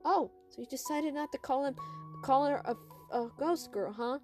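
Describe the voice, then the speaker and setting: A woman's voice: sits high, moderate pace, darkish tone, soft background music, close to an everyday voice. A woman voicing a teasing brother who mocks his sister in a sing-song way. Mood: mocking.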